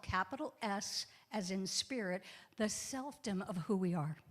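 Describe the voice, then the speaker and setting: A woman speaking as a guest minister in a church, giving a chatty, joking sermon and spelling words out letter by letter. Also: mid-range voice. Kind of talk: casual sermon.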